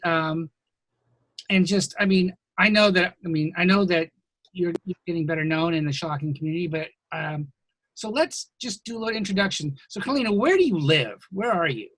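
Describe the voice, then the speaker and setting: A man with a somewhat high voice hosts a podcast over a video call, hesitating with frequent ums as he thanks listeners and welcomes his guest. The sound is very dry and close. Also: expressive, moderate pace, sharp tone, dry recording. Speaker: podcast host. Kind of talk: casual video-call interview.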